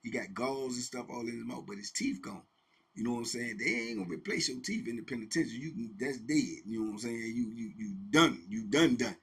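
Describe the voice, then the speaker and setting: A middle-aged man casually telling a prison story, animated, with sound effects and quoted voices. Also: mid-range voice, fairly quick, vocal fry, husky. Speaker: host telling prison stories.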